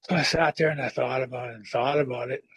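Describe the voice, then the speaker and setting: A man in recovery telling his personal story in a halting, reflective way, with many fillers and restarts. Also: mid-range voice, steady tone, fairly bright tone, husky, low-quality recording. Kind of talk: personal testimony.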